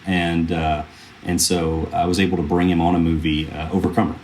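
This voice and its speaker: Man, very low voice, earnest, rambling with fillers, faint hum behind. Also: little pitch movement, a little fast, darkish tone. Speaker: film producer, podcast guest. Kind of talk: casual interview storytelling.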